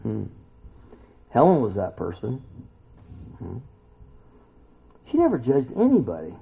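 A man preaching a sermon, emphatic and full of rhetorical questions, now and then climbing to loud exclamations. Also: lowish voice, sing-song, slow, gravelly, long pauses, slightly rough. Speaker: pastor. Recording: tinny phone-like recording.

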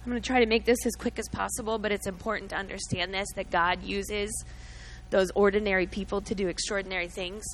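A woman's voice: mid-range voice, fairly even intonation, fast talker, slight background noise, rough recording. A middle-aged woman giving an earnest, emotional sermon-style talk, telling a story and teaching from the Bible, calling out to listeners by name. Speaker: speaker at a church gathering.

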